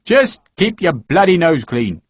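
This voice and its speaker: A man's voice: fairly high pitch, big pitch swings, a little slow, no echo, clean studio sound, voice pushed up. A man doing a bluff, hearty old army sergeant. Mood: stern. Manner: coarse barrack-room talk, hearty. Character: bluff older male recruiting sergeant, gruff but fond.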